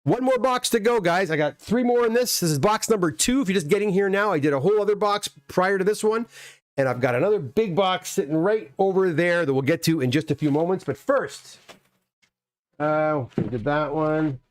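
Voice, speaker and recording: A middle-aged man from Canada talks through a live stream in a loose, rambling way, stopping to answer viewers. His voice sits a bit high for a man. The sound is dry and close, with no room echo. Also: fairly quick. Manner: rambling, chatty, reads chat comments aloud. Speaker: livestream host unboxing graded comics. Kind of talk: casual live-stream chat.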